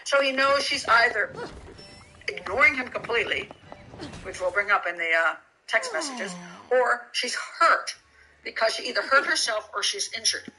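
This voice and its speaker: A woman's voice: on the high side, expressive, moderate pace, bright, forceful tone, rough recording. A woman giving casual commentary on a criminal case, reading from documents and thinking aloud with many restarts, incredulous and sarcastic. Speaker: true crime commentator.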